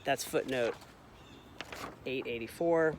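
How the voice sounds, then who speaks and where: A man's voice: mid-range voice, slow, slight background noise. A man reading a long report aloud in a casual way, reading out the footnote numbers, correcting his own slips and adding wry asides. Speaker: reader of a report.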